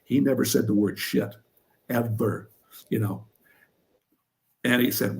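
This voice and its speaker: Gravelly man telling a funny story. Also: mid-range voice, moderate pace, long pauses. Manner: animated storyteller, laughs through punchlines. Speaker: interview guest, former wrestler and coach. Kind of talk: storytelling in a casual interview.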